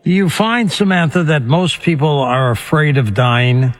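A man's voice: on the high side, measured pace. A man hosting an interview and asking short questions in an easygoing way. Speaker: interview host.

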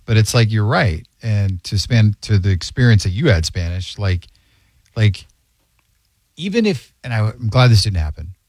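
A man's voice: lowish voice, very animated, normal speed, no room sound, studio quality. A man hosting a casual talk show, rambling with lots of fillers as he talks with callers. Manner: rambling, warm-hearted, filler-heavy. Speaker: host. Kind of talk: casual podcast chat.

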